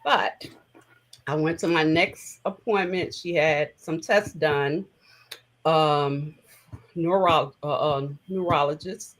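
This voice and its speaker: Middle-aged woman, guest on an interview, tells her story slow and heartfelt, kinda halting. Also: sits low, poor audio. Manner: heartfelt, reflective, recounting memories in halting phrases.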